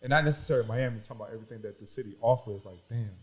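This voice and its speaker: A man's voice: medium pitch, very fast, breathy edge, rough recording. A man with a New Orleans accent, a guest who owns a shop, telling stories emphatically with swearing. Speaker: podcast guest, shop owner. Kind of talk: casual chat.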